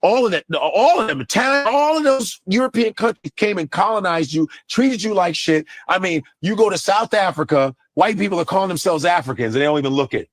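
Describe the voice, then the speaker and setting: A Nigerian American man, a comedian, riffing profanely and slipping into quick voices. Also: high-pitched, expressive, no echo. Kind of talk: stand-up style commentary in a clip.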